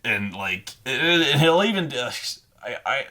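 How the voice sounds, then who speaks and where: A man's voice: medium pitch, big pitch swings, a little slow, pushed and bright. A man who runs tabletop games, talking casually and giving advice in a rambling, profane way with stammering restarts. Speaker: dungeon master giving gaming advice. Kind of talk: casual unscripted monologue.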